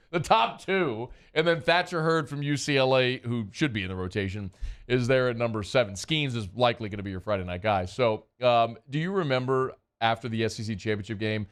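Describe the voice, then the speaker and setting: A man's voice: mid-range voice, smooth. A man hosting a sports radio show, teasing his co-host and telling stories in a casual studio chat. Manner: animated, teasing, storytelling. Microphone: studio microphone.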